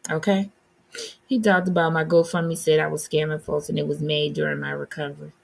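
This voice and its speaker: A woman's voice: low voice, level tone, brisk, vocal fry. A woman hosting a live stream, giving blunt, sassy commentary and answering her chat. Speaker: livestream host.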